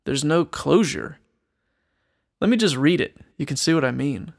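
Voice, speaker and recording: A man's voice: on the high side, expressive, normal speed, gravelly, long pauses. A man giving an earnest, reflective Bible teaching, reading a psalm aloud and asking his listeners rhetorical questions. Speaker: Christian speaker and musician.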